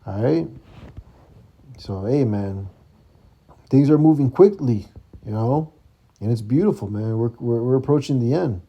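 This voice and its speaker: A man with a Chicago accent teaching scripture in a casual, profane street style, reading verses slowly and calling out "man" and "all right?" between them. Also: mid-range voice, animated, slightly rough, dull audio.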